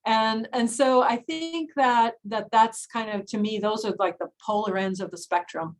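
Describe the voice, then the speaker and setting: Emphatic older woman with a higher voice. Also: moderate pace, rough recording. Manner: animated storyteller, chatty with many fillers; frank and emphatic advice. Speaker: physician and director of student health. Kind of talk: casual Q&A talk to pre-med students.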